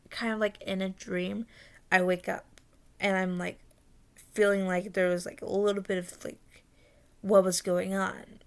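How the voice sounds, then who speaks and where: A young woman casually recounting a dream in a rambling, halting way, full of fillers and restarts, often dropping into whispers. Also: mid-range voice, fairly bright tone. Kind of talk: casual storytelling.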